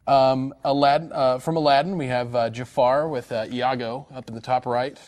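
A man's voice: mid-range voice, steady tone, normal speed, darkish tone. A man hosting a live weekly call-in program, talking casually with frequent fillers and restarts. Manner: chatty, many fillers and restarts. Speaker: host of a call-in show.

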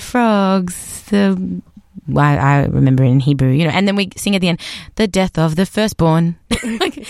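Woman, musician guest, reflective, rambling, lowish voice. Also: darkish tone, no room sound, clean studio sound. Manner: reflective, rambling with restarts and laughs. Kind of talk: conversational podcast interview.

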